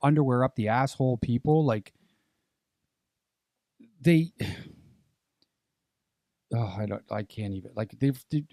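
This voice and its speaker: A man co-hosting a casual podcast, blunt and animated, swearing often. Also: medium pitch, a little slow, pauses often, dry recording, clean studio sound. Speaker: podcast co-host. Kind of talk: casual chat.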